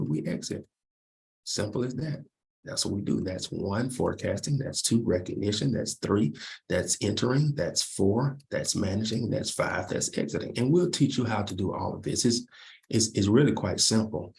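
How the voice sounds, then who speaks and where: A man's voice: lowish voice, vocal fry. A man leading a trading lesson over his charts, asking rhetorical questions and answering them himself. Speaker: trading instructor. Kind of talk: screen-share market recap lesson.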